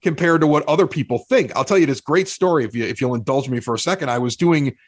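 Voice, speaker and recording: A man with a Chicago accent, a podcast guest telling animated, self-mocking stories in casual chat, often restarting his sentences. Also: on the high side, fast talker, no room sound.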